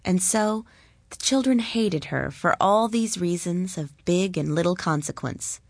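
A woman reading a story aloud in a calm, measured way. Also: on the low side, no room sound. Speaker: narrator.

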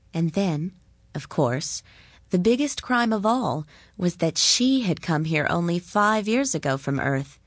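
A woman reading a story aloud in a calm, measured way. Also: lowish voice, no room sound, clean studio sound. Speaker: narrator.

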